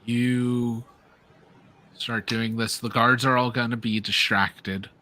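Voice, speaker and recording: A man's voice: mid-range voice, takes it slowly. A man narrating and running a tabletop game as game master, calling rolls and laughing with players. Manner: animated, laughing narration with rules calls.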